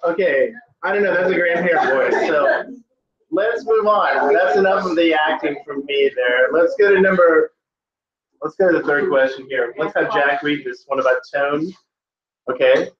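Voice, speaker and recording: A man with a fairly high voice teaching a classroom lesson in a casual, animated way. His speech is loose and full of "like". The sound is echoey, dull and lo-fi, as if it were recorded in a classroom. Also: normal speed. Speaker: test-prep teacher.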